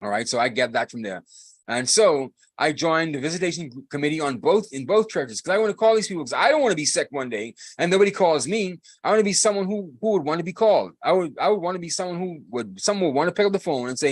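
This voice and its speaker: A man's voice: fairly high pitch, lively intonation, fast, dry recording. A man hosting a live podcast, talking in a casual monologue, emphatic and repeating phrases for force. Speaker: podcast host.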